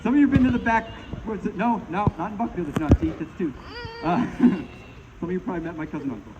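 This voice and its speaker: A man's voice: high-pitched, animated, quick pace. A middle-aged man from Maine doing a live comedy juggling show outdoors, bantering and joking with the crowd. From Maine, USA. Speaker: juggling performer. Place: outdoors at a pond. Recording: muffled outdoor recording with loud background noise.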